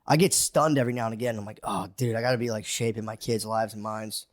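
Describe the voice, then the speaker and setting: Brief: thirties man, quick rambling comedic storyteller on a podcast, acts out quotes. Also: on the low side, fairly even intonation, dry recording, clean studio sound. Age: 30s. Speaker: podcast co-host. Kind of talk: casual comedic chat.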